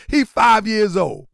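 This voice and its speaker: This livestream host's voice sits high, and the studio audio is clean with no echo. He chats casually, preaches at times, and gets animated, often raising his voice.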